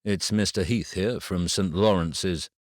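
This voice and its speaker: A deep-voiced man reads a firm school official who sounds concerned. He speaks in a slow, measured way. The sound is close and dry. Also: no echo.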